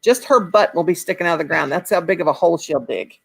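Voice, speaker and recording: A woman's voice: lowish voice, expressive, fast talker, creaky, breathy edge. A woman hosting a casual live chat, laughing easily and talking about her dogs.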